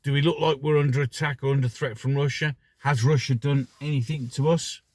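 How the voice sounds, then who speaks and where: A middle-aged man delivers a mocking, ranting commentary with plenty of rhetorical questions. His voice sits at an ordinary pitch and is recorded dry and close. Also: steady tone, a little fast, darkish tone, dry recording. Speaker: vlogger.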